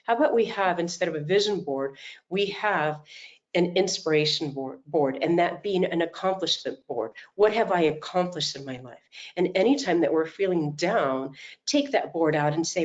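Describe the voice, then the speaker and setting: Middle-aged woman coaching over a video call, lowish voice, muffled lo-fi sound, animated storyteller. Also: normal speed. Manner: animated storytelling, acts out quotes. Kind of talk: motivational talk.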